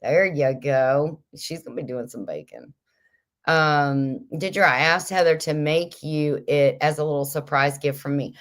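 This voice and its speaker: A middle-aged woman with a notably low voice chats through viewer comments on a casual livestream. She is playful and kooky and laughs easily. She sounds a little stuffy, as if nursing a mild headache. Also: unhurried. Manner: chatty, kooky, laughs often. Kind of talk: casual chat.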